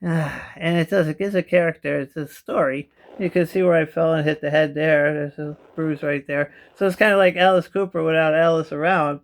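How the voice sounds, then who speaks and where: A man's voice: a little high, vocal fry. A middle-aged man with missing teeth, rambling to camera in a chatty home vlog from a kitchen chair, often trailing off into a mumble. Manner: chatty, drifting asides, often dropping to a mumble. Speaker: vlogger. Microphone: camera in front of him.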